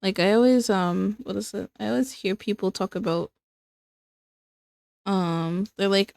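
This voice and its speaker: A young American woman chats with her viewers while she draws live. She talks slowly with a gravelly edge, drifting between thoughts and repeating herself with self-mocking asides. The sound is dry and close, with no room around it. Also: medium pitch, a little mellow, no room sound. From United States. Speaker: streamer drawing live. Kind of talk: casual stream chat while drawing.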